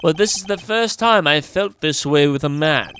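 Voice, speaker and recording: A man's voice: fairly high pitch, moderate pace, a bit bright, a little hiss or hum, close to an everyday voice. A man putting on a suave British charmer. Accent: put-on British. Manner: smooth, theatrical charm.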